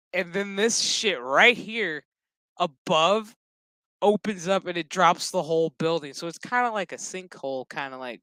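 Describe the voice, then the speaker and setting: A man with a bright, forceful, slightly high voice recaps a TV episode in loose, profane chat. His tone is smooth and clear, and he slips into the characters' lines as he tells it. The sound is close and dry. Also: no echo, rough recording. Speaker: show recap host.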